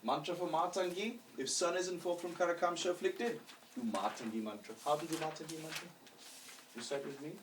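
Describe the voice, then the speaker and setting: A man's voice: fairly high pitch, fairly quick, far from the mic, slight background noise, poor audio. A male astrology teacher giving a lecture and leading his students in reciting mantras syllable by syllable. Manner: chants syllables for students to repeat.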